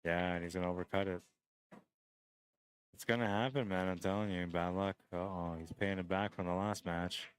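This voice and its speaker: Deep-voiced, tired man calling pool. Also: fairly even intonation, moderate pace, clear, resonant tone. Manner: rambling, joking, chatty. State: short on sleep. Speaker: pool tournament streamer and commentator. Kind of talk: casual live-stream commentary.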